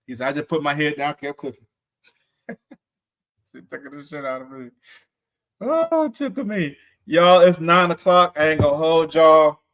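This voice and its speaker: A middle-aged man co-hosting a casual livestream, telling animated stories from home, laughing often and acting out quotes. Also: on the high side, normal speed, long pauses. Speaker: livestream co-host. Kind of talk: casual chat.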